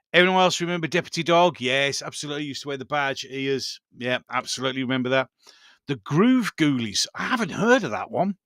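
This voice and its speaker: A man's voice: fairly high pitch, pushed and bright, no room sound, clean studio sound. A man hosting a casual live chat, greeting viewers and reminiscing with enthusiasm, often repeating himself and laughing. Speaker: livestream host.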